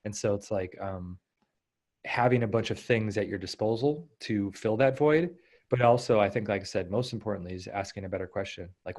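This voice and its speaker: Lower-voiced man coaching, animated asides. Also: fairly quick. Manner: animated, acts out inner voices. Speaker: podcast guest, coach. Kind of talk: casual interview talk.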